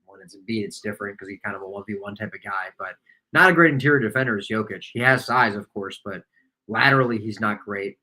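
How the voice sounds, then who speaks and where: A man's voice: on the low side, fast, bright, forceful tone, low-quality recording. A man co-hosting a fan watch-party stream, analyzing the live game with joking asides. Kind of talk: casual live game commentary.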